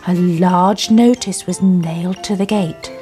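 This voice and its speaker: A woman reading a children's story aloud in an expressive, sing-song storytelling manner. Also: lowish voice, measured pace, faint music behind.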